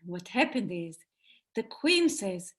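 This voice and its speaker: A woman telling a children's story to an audience on a video call, expressive and engaging. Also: mid-range voice, slow pace.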